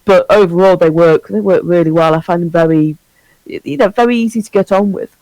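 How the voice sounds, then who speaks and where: A woman's voice: on the low side, brisk, dark tone, no room sound, poor audio. A woman dungeon master calling in for a casual chat, chatty and self-deprecating, acting out little scenes. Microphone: call-in line.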